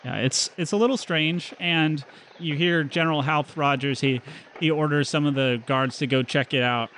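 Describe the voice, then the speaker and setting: A young man narrating a tabletop game as game master, relaxed and rambling. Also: on the high side, normal speed, a little hiss or hum. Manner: relaxed, rambling, many fillers and restarts.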